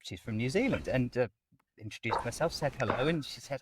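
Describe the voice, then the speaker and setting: A man speaking as a guest voice actor in a conversational interview, chatty and animated as he explains his work at length. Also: medium pitch, fairly quick, very noisy.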